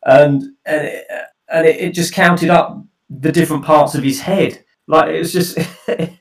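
A man's voice: on the high side, fairly even intonation, unhurried, reverberant, distant mic, rough recording. A man co-hosting a radio show, chatting casually and rambling, often correcting himself. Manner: rambling, self-correcting, playful. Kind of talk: casual chat.

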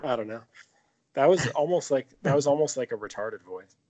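A man's voice: mid-range voice, animated, fairly quick, warm tone. A man in his thirties co-hosting a podcast, joking and swearing through loose casual chat. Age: 30s. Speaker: podcast co-host.

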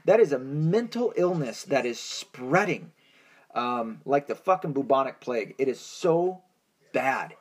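A man's voice: medium pitch, very animated, measured pace, husky. An American man hosting his own podcast, talking alone in a rambling, profane monologue full of restarts and fillers. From United States. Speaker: podcast host.

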